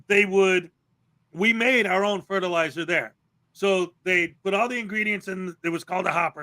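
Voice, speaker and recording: A man's voice: high-pitched, bright, forceful tone. A man hosting a casual commentary livestream, ranting sarcastically and rambling into long stories. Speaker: livestream host.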